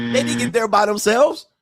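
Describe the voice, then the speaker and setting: Profane joking male stream host. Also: sits high. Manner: profane, joking, acts out quoted voices. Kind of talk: casual live-stream rant. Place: home studio.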